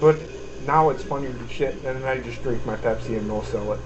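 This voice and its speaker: A man's voice: mid-range voice, brisk, muffled recording, noisy background. A man hosting a casual podcast chat, cursing freely and laughing often. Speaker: podcast host.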